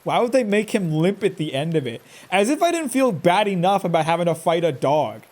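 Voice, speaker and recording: A man's voice: high voice, very animated, a little fast, a little mellow. A man commentating live on his own gameplay in a chatty way, talking to himself and to the enemy and exclaiming often. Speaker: game streamer.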